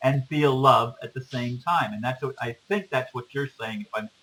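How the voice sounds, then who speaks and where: Bright-voiced man responding reflectively. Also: medium pitch, moderate pace, poor audio. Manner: agreeing, reflective, checks he understood. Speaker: co-host in conversation. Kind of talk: casual conversation.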